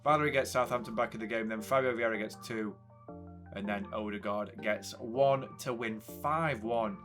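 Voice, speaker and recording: A man's voice: fairly low pitch, moderate pace, over music. A young man commentating a football video game casually, swinging between hype and frustrated ranting. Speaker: gaming YouTuber.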